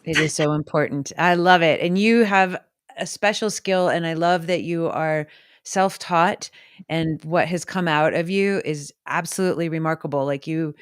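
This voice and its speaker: A woman's voice: low voice, normal speed, clean tone, dry recording, clean studio sound. A woman podcast host in a casual remote interview, gushing with enthusiastic praise.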